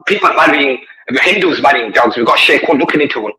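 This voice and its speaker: A man's voice: medium pitch, animated, a little fast, bright, forceful tone. A man, delivering a combative, taunting monologue aimed at an online rival. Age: 20s. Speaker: online commentator. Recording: roomy echo.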